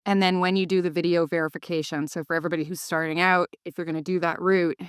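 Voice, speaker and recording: A woman's voice: fairly low pitch, quick pace, clean tone, no echo, studio quality. A woman co-hosting a business podcast, chatting with an upbeat coaching manner. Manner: upbeat, animated in anecdotes, coaching tone. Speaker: podcast co-host, cleaning business owner. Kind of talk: casual conversation.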